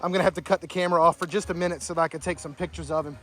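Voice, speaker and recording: A man from southeastern Virginia, US, vlogs while fishing at an outdoor pond, talking casually in a very fast, rather high voice. He is excitable and exclaims repeatedly, with faint music playing in the background.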